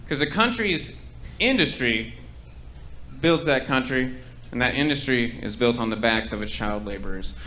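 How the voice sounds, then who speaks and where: A young man doing a stand-up set in a comedy club, with dry deadpan setups and ironic punchlines into a stage mic. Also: medium pitch, normal speed.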